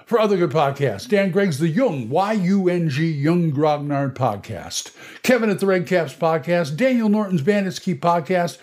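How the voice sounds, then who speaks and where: Animated rambling man on a podcast. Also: a little high, moderate pace, few pauses. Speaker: podcast host. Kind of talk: casual monologue on tabletop games.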